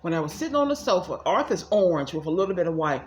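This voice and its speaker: A woman's voice: lowish voice, big pitch swings, quick pace. A woman from the DC rambles through a casual tarot reading at home, talking to her viewers as y'all and circling back over the same words. Her voice sits in a middle range and carries a noticeable room echo. A faint hum of background noise sits underneath. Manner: chatty, addresses viewers as y'all, repeats herself. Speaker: psychic tarot reader.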